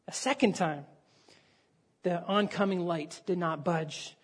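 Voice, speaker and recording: A man's voice: high-pitched, moderate pace. A male pastor delivering a sermon, telling a story with acted dialogue and raising his voice for emphasis.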